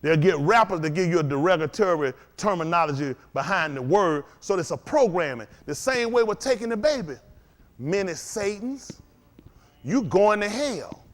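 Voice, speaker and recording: A man preaching a sermon to a congregation, firing questions at the crowd and swinging between loud and low. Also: expressive, normal speed. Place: congregation hall.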